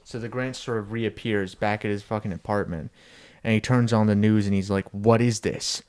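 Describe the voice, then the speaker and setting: A man's voice: fairly low pitch, steady tone, brisk, a little mellow, clean tone. Man, podcast co-host, improvised comedy story, rambling, profane, laughs at own jokes.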